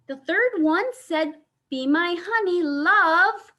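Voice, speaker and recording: A woman's voice: extremely high pitch, takes it slowly, hardly any pauses, slight background noise. A woman hosting a children's story time over a video call, reading a picture book aloud and asking the children questions. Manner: animated, asks children questions.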